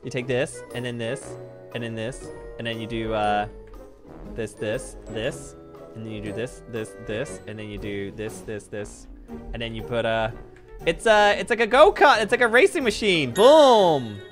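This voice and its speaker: A British woman voicing TeeVee, a bossy, excitable young sibling chatting while building in a game roleplay. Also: a bass voice, moderate pace, over music. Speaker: main roleplay voice.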